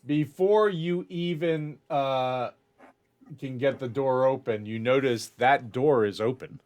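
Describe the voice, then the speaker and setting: A man narrates a tabletop game as its game master. He talks in a measured way, often restarting phrases to set the scene. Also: mid-range voice, a little mellow.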